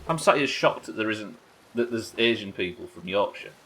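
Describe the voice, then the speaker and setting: Low-voiced man streaming a game. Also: normal speed, faint music behind. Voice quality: lively, swears casually, chatty asides. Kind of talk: live game commentary reading chat.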